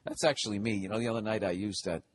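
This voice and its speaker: A man's voice: on the low side, very fast, slight background noise. A man in his forties hosting a solo comedic podcast, rambling and profane, often poking fun at himself. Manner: rambling, profane, self-deprecating. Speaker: podcast host.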